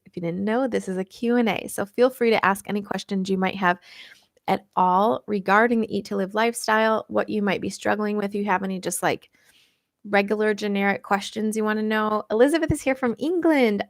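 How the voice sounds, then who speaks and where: A woman's voice: mid-range voice, normal speed, dry recording. American woman, live-stream host and diet coach, chatty and giggly, dry sound. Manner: chatty, reads out viewer comments, laughs often. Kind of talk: casual live-stream Q&A chat.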